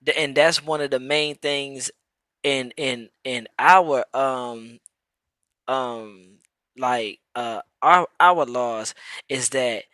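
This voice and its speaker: A man talking on a casual live stream, his voice bright and forceful. He speaks in slang and circles back over his words as he works toward a point. The sound is dry and close, with no room echo. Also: medium pitch, extremely slow. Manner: repeats words while building a point, slangy. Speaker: podcast co-host.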